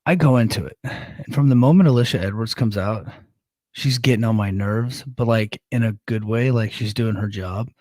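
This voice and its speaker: A man's voice: on the low side, normal speed, a little mellow, no room sound. Rambling man hosting a wrestling podcast. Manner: rambling and self-correcting, with many ums and restarts. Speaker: podcast host. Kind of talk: casual wrestling recap chat.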